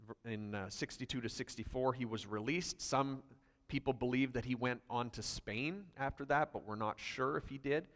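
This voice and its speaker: A man's voice: medium pitch, normal speed, a bit bright, big-room sound. A man pastor preaching a sermon emphatically, reading scripture aloud with growing intensity. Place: church hall.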